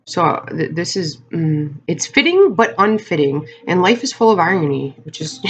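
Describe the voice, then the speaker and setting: A woman's voice: lowish voice, very animated, a little slow, dull audio, a little hiss or hum. A woman giving a casual tarot card reading to her viewers, talking in a chatty, rambling way with lots of fillers and asides. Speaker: tarot reader.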